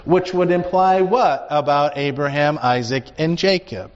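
A man's voice: fairly high pitch, measured pace, few pauses. Emphatic male Bible teacher in a hall. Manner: emphatic, explanatory, rhetorical questions. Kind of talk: classroom Bible lecture. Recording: dull recording with hall reverb.

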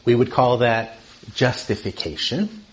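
A man giving a casual, conversational Bible lesson, often tagging his points with "right?" and rising sharply in pitch when he stresses something. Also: unhurried. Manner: animated, often asks "right?", rises in pitch for emphasis. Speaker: Bible teacher.

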